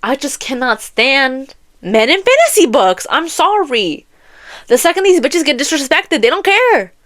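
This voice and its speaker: A woman's voice: sits high, big pitch swings, measured pace, fairly bright tone. Fiery, foul-mouthed young woman ranting. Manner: heated, profane, repetitive venting with laughs. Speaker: podcast host. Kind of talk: solo podcast rant.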